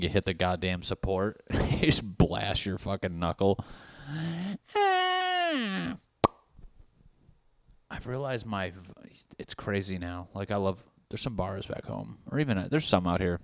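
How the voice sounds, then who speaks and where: A man's voice: deep voice, big pitch swings, a little slow, gravelly, long pauses. Rambling, foul-mouthed man in his thirties. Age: 30s. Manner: rambling and profane, riffing on party scenarios. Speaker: podcast host. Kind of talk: casual comedic monologue.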